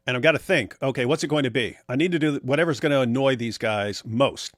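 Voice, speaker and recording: A man's voice: medium pitch, quick pace, a bit bright, dry recording, clean studio sound. Blunt, sarcastic middle-aged man hosting. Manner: blunt, sarcastic, reads viewer chat aloud. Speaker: livestream host. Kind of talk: casual live-stream chat.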